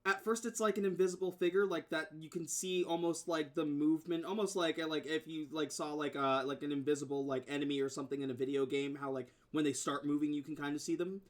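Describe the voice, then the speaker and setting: A man narrating a tabletop game as game master. His voice sits fairly high. He rambles through scene descriptions, hunting for words as he goes. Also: steady tone, fast, few pauses. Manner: rambling, filler-heavy description.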